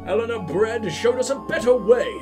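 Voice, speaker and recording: A man's voice: very high voice, moderate pace, music in the background. A sick man doing a solemn old scholar voice. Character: old male scholar narrator. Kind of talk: reading in-game lore aloud.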